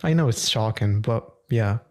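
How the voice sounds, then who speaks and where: A man's voice: fairly low pitch, moderate pace, a little mellow. A man narrating scripted commentary for a video channel in an emphatic, insistent way.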